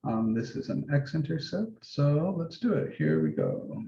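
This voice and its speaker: Gravelly-voiced man teaching math casually. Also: fairly high pitch, unhurried. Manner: casual and relaxed, talks through each step, occasional mild swearing. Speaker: math instructor. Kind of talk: office-hour lesson, thinking aloud while drawing. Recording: roomy, dull lo-fi recording.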